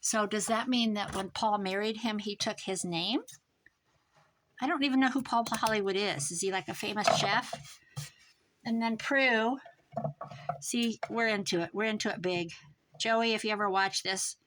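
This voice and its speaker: A woman talking casually and rambling off topic as she works on a craft project, her voice trailing off quieter at times. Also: mid-range voice, normal speed, long pauses, noisy background. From American Midwest. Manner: rambling, thinks aloud while working, drifts quieter. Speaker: craft vlogger. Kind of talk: chatty crafting monologue.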